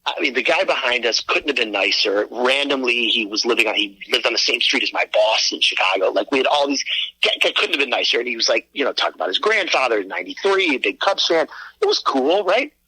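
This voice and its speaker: A man tells a story in a loose, casual chat, his pitch jumping all over as he goes. His tone is bright and a little husky. He is recorded close and dry. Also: quick pace, dry recording, low-quality recording. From Cleveland area, USA. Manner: animated storyteller, swearing, acts out his own shouts. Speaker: podcast co-host.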